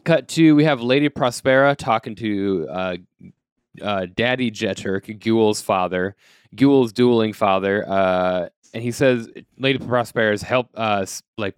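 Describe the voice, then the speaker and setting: Relaxed man casually recapping an episode. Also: mid-range voice, clear, resonant tone, no room sound, clean studio sound. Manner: recaps scenes with laughter and quoted lines. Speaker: podcast co-host.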